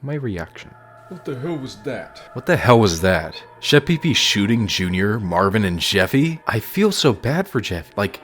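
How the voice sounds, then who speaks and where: Low-voiced man reading a horror story. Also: slight background noise. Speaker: narrator.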